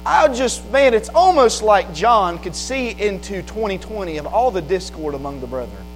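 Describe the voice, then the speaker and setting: Male preacher, very high voice, shifts from hushed teaching to fervent shouting, faint hum behind. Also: lively intonation, moderate pace, poor audio. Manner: swings from quiet explaining to loud fervent preaching. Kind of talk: sermon.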